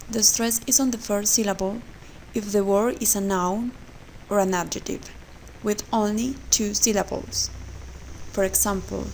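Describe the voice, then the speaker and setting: Woman, pronunciation lesson read aloud, gravelly voice, careful example words. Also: medium pitch, darkish tone, a little hiss or hum, poor audio. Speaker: student presenter.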